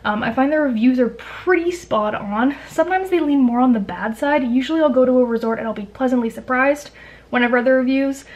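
A young Canadian woman vlogging in a quick, chatty way, full of fillers and asides, giving travel tips to camera. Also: sits high. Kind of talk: casual chat to camera.

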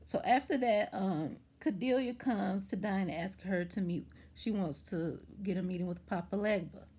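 Woman vlogger, husky breathy tone, rambling chatty recap, mid-range pitch. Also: normal speed. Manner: chatty, rambling, lots of "like" and "anywho"; animated retelling with acted-out quotes. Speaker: TV show reviewer. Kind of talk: casual episode recap vlog.

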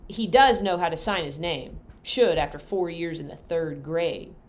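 A woman's voice: fairly low pitch, expressive, measured pace. A woman voicing a mocking teenage farm boy who snickers as he talks.

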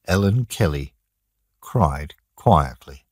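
Deep husky guy narrating a learners' audiobook, slow and lively, dry sound. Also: no room sound. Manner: slow, plain, deliberate reading for learners. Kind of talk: graded-reader audiobook narration.

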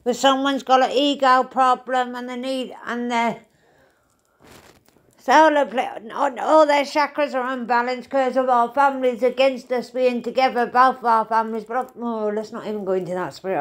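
A woman's voice: on the high side, steady tone, moderate pace. A woman giving a casual, rambling spiritual reading to camera, swearing often and calling the listener mate and darling. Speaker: tarot reader.

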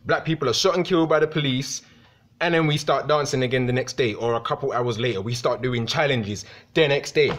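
A young man delivering a heated, profanity-filled rant vlog to his viewers. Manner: heated, profane, swings in pitch. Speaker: vlogger.

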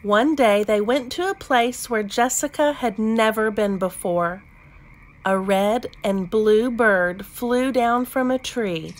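A woman narrates a children's picture book with gentle expression. She reads slowly in a slightly high voice and gives each line room to breathe. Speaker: storybook reader. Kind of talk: children's read-aloud narration.

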